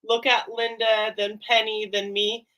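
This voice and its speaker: A woman chatting casually on a livestream video call from her sewing room, playful and animated. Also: on the high side, measured pace, rough recording.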